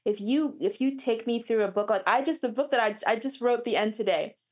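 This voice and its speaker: A woman's voice: fairly high pitch, a little fast, a little mellow. A woman romance author as an interview guest, chatting animatedly with frequent restarts. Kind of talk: casual interview chat.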